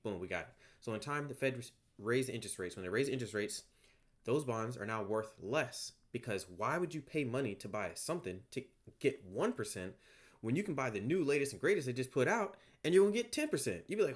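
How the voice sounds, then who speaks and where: A man's voice: mid-range voice, lively intonation, fast talker. A man explaining off the cuff at home, rambling and conversational, tossing in "right?" as he goes. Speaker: online course creator. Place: home, by a bed.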